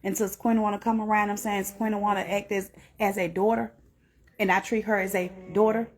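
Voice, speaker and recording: A woman's voice: little pitch movement, fairly quick, breathy edge. Earnest woman giving heartfelt testimony. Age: middle-aged. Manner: earnest, repetitive, rising to high emphatic peaks. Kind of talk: emotional spoken testimony.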